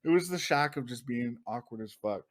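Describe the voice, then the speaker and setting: A man's voice: mid-range voice, animated, brisk. A young man co-hosting a podcast, telling stories in casual chat, laughing often and swearing freely. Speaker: podcast co-host.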